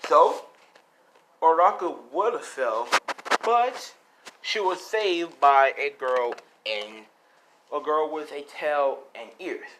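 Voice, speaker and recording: A man's voice: a little high, animated, slow, fairly bright tone, a little hiss or hum, poor audio. Rambling man improvising a story. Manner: rambling, self-correcting, many fillers. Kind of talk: improvised fan-fiction narration.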